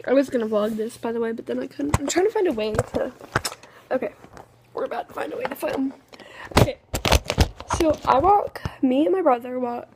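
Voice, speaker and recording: A woman's voice: high voice, darkish tone. A woman, telling a rambling, exasperated story in a casual vlog. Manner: rambling, exasperated, full of "okay" restarts. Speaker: vlogger.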